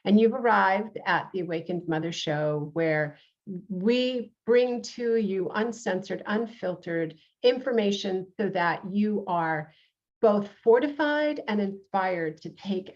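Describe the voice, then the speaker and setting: A woman's voice: medium pitch, measured pace, muffled recording. A woman with a New York accent hosting an interview show, earnest and full of uhs and restarts. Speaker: show host, reverend.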